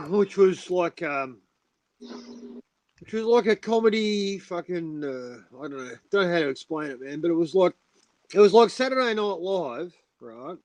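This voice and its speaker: Man, livestream panelist, animated and profane, lifted voice, dry sound. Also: sits high, measured pace, dry recording, rough recording. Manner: animated, swears often, insistent. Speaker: panel guest. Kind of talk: casual livestream chat.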